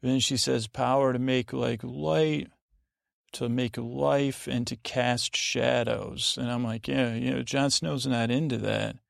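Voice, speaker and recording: Male podcast host, heavy vocal fry, mid pitch; meandering bedtime monologue full of asides and restarts. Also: fairly even intonation, unhurried, dry recording, clean studio sound. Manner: meandering, digressive, with many fillers and self-corrections. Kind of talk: rambling bedtime podcast recap.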